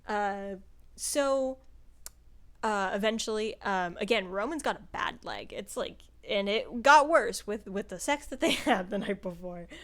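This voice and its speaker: A woman's voice: mid-range voice, expressive, a little slow, fairly bright tone. A woman giving a casual, rambling spoken book review, full of filler words and swearing, laughing often as she talks. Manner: chatty and rambling, with frequent "like" and profanity; laughs often while talking.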